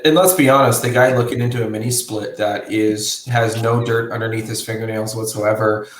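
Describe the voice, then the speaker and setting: A man's voice: fairly low pitch, steady tone, brisk, a little hiss or hum. A man co-hosting a podcast, talking in a loose, joking way with casual swearing. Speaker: podcast co-host. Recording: roomy echo.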